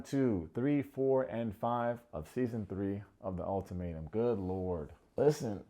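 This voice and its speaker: A man's voice: on the low side, measured pace. Chatty man recapping a TV show. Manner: chatty, animated, addresses viewers directly. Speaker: TV reality show reviewer. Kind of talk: casual video recap commentary.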